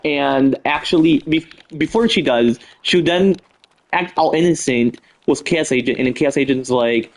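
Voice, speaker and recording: A man's voice: on the high side, a little slow, gravelly, rough recording. A man streaming live, casually brainstorming a story with lots of "pretty much" and restarts. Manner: rambling, fillers like "pretty much".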